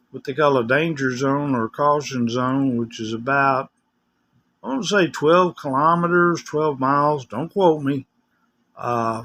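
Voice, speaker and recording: A man's voice: mid-range voice, fairly bright tone, a little hiss or hum. An older man with a West Tennessee accent, chatting casually in a rambling, folksy vlog. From West Tennessee, USA. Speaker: vlogger. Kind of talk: casual chat.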